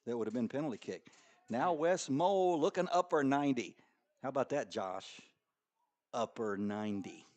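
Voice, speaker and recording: A middle-aged man doing play-by-play commentary for a school soccer match, joking around and bursting into excited high calls. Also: normal speed. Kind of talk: local sports commentary.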